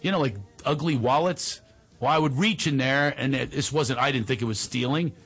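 A man's voice: medium pitch, fairly quick, slightly rough. A man hosting a podcast, telling stories in casual chat and laughing often. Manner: animated storyteller, laughs often. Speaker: podcast host.

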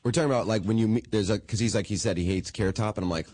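A man with a very low voice talks fast in a loose, profane podcast chat, acting out little quotes as he tells stories. The sound is dry and close. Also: darkish tone, dry recording. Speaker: podcast co-host. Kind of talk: casual chat. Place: in Los Angeles.

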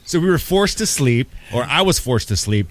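A man's voice: mid-range voice, big pitch swings, normal speed, dry recording. A man chatting casually on a radio show, telling a story in a laid-back way with dry jokes.

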